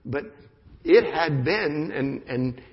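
Gravelly preacher in an echoing hall. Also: male voice, medium pitch, slow pace. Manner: animated preaching, repeats "right?" often. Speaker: pastor. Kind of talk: sermon. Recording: muffled sound in a reverberant hall.

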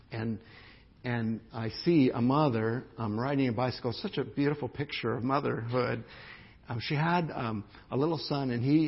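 A man's voice: medium pitch, gravelly, breathy edge. A male pastor preaching a sermon, telling a story in a conversational way with emphatic restarts. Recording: dull lo-fi sermon recording.

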